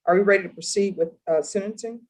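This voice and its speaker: A woman's voice: mid-range voice, low-quality recording. Stern woman judge questioning in court. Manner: stern, deliberate, formal questioning. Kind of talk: courtroom plea hearing.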